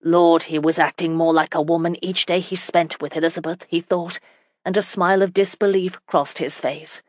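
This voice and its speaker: A woman narrating a historical romance audiobook in a steady, even reading. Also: on the low side, normal speed, dry recording. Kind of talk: scripted narration.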